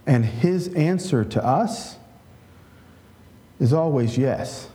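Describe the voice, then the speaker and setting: A man's voice: on the high side, lively intonation, slow, mellow. A middle-aged male pastor giving a conversational sermon, often checking in with "right?" and leading a prayer.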